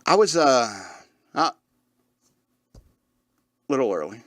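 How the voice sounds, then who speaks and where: A man's voice: mid-range voice, sing-song, slow, fairly bright tone, dry recording, studio quality. A man hosting a radio show, talking in a casual, rambling way with frequent chuckles and restarts. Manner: rambling, chuckles often, many fillers and restarts. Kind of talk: casual rambling podcast chat.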